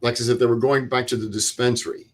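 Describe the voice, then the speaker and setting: An older man, a veteran guest in an interview, retelling a night in combat in plain, vivid words with quoted dialogue and pauses. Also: mid-range voice, little pitch movement. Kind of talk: interview storytelling.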